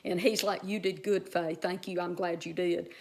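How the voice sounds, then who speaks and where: Woman, lower-pitched voice, vlogger, earnest, heartfelt storytelling, fillers and restarts. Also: fairly even intonation, moderate pace. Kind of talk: personal storytelling to viewers.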